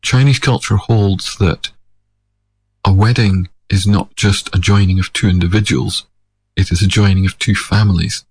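A man musing in a measured, digressive monologue. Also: sits low, fairly even intonation, slight background noise. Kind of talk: reflective monologue.

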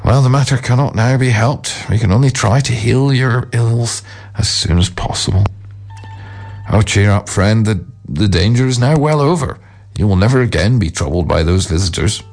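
A man's voice: lowish voice, normal speed, a little mellow, pitched above the performer's own voice. A man voicing a startled, grieving old priest who blames himself, read as a storybook figure. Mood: soothing.

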